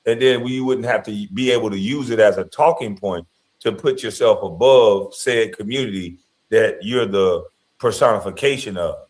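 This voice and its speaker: A man's voice: fairly low pitch, normal speed. A man giving casual commentary in a blunt, preachy, moralizing way.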